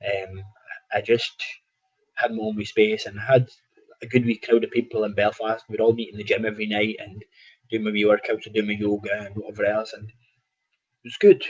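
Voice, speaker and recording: A Scottish man with a husky, breathy voice talks through his stories casually. He acts out other people's lines and laughs often. The recording sounds dull and lo-fi. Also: lowish voice, a little fast. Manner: animated anecdotes with quoted dialogue, laughs often. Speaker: professional boxer, guest. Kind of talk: casual storytelling interview.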